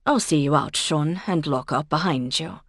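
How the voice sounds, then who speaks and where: A woman's voice: low voice, moderate pace, no echo, clean studio sound. A woman voicing a kindly, anxious older village landlady with a fussing, motherly manner.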